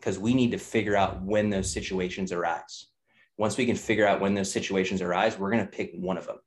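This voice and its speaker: His voice sits low and steady, and he talks fairly quickly. In casual podcast talk, this young trainer and nutrition coach speaks frankly, curses a lot, and strings his ideas together by repeating them.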